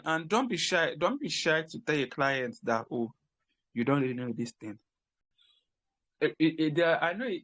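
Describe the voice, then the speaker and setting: A man's voice: a little high, fairly bright tone, dry recording. A man from Africa giving casual, emphatic career advice on crypto work. He repeats key points and often restarts his sentences. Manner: repetitive, emphatic, frequent restarts.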